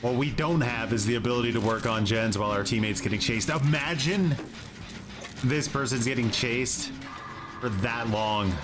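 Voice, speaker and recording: A man's voice: mid-range voice, moderate pace, music in the background. A man chatting casually and teasing while streaming a game live, joking around and trying out playful phrases.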